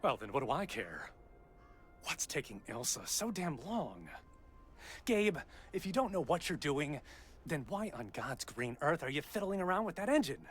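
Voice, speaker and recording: An actor playing an impatient, sarcastic TV reporter who blusters and complains about being stranded. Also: male voice, a little high, big pitch swings, moderate pace, a little hiss or hum. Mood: irritable. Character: abrasive big-city male TV reporter, impatient.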